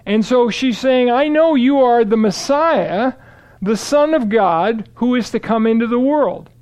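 A man giving a steady, explanatory Bible teaching, walking through verses and quoting scripture aloud. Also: extremely high pitch, measured pace.

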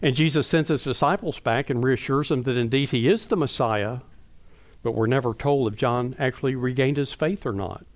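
A man's voice: mid-range voice, normal speed. A man at a conference lectures on theology in a mid-range voice. He speaks with emphatic conviction and keeps a conversational tone. He stops often to explain technical terms simply. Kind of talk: theological lecture to a live audience. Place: conference hall.

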